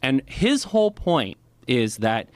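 A man's voice: medium pitch, slow, smooth, no room sound. A man in casual conversation, explaining ideas at length and often checking in with "right?" and "you know.". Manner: lively, frequent "right?" and "you know" fillers.

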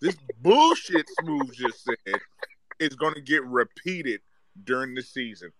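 A man's voice: mid-range voice, animated, measured pace, a bit bright, no echo. A man in a heated sports chat, ranting and cursing. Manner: ranting, profane, worked up. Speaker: caller on a live audio chat.

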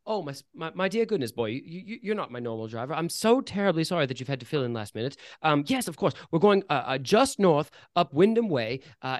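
A man playing a gentle, well-bred lady in a tabletop game, soft-spoken and a little fussy. The voice sits slightly high and is recorded dry and close. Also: no room sound, natural voice. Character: kindly, genteel aristocratic lady passenger.

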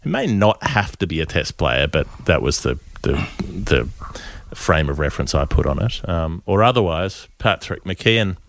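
A man's voice: very deep voice, very animated, moderate pace, creaky. A man co-hosting a casual podcast chat, telling stories in a rambling, self-amused way. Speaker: podcast co-host.

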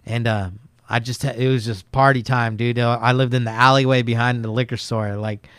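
A man casually telling profane, laughing stories about a friend in a relaxed chat. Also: mid-range voice, normal speed, clear, resonant tone, dry recording. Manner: laid-back, profane, laughs through his stories.

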